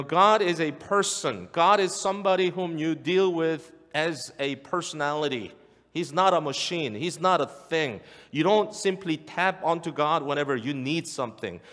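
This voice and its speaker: Male pastor, sermon, emphatic, repeats phrases, lively pitch, long church reverb. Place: church sanctuary.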